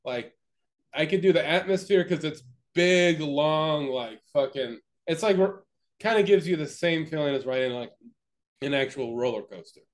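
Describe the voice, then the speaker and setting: A man's voice: a little high, moderate pace. A young man co-hosting a podcast, telling a story in casual chat with many fillers, restarts and swearing. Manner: rambling, profane, lots of fillers and restarts. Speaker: podcast co-host.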